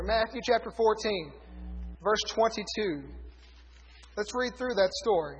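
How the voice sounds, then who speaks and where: A man's voice: high-pitched, expressive, a little slow, slightly rough. A man preaching a sermon to a congregation, reading scripture aloud and correcting himself as he goes. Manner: conversational, self-correcting, reads scripture aloud. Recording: dull lo-fi recording in a reverberant hall.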